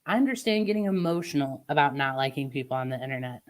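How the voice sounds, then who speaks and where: A woman's voice: extremely low pitch, expressive, quick pace. A woman livestreamer in casual chat with her viewers, venting opinions in a chatty way. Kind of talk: casual live-stream chat.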